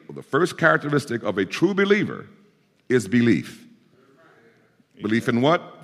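A man's voice: lowish voice, long reverb tail. A man preaching a sermon, explaining scripture verse by verse and pressing his points with emphatic exhortation. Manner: emphatic, rising to forceful exhortation.

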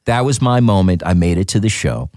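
A man's voice: low-pitched, fairly quick, dry recording, clean studio sound. A man, an actor, chatting casually in an interview and telling stories with lots of fillers. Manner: animated, storytelling with many fillers. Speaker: actor guest.

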